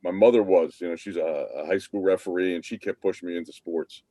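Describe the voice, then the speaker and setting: A man's voice: deep voice, fairly even intonation, quick pace, warm tone, no echo. A man, a podcast guest who tells long stories over a video call, rambling with many restarts. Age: 50s. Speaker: podcast guest, former team manager. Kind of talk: casual interview storytelling.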